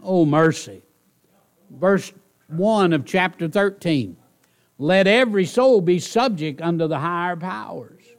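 A male pastor with a high-pitched voice preaches at an unhurried pace, his intonation lively. His sermon is conversational and pleading, softly delivered with bursts of emphasis, and he keeps checking in with the congregation by repeating "all right?"

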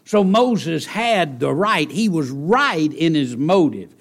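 A man's voice: on the high side, sing-song, slow. A man preaching a sermon, earnest and conversational, rising to emphatic, raised passages. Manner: conversational asides, direct questions to the congregation.

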